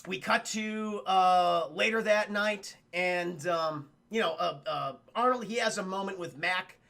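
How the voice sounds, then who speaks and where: A man's voice: sits high, a little slow, gravelly, fairly bright tone. A man livestreaming a casual film recap, rambling and profane, often addressing his chat. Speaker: film review streamer.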